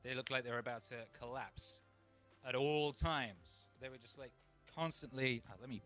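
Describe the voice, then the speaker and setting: A man in his forties from England, hosting a home livestream in an excitable, rambling way, talking into a microphone run through a DJ mixer. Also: mid-range voice, moderate pace. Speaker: livestream host and DJ. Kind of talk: casual livestream chat. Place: home studio. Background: faint music bed.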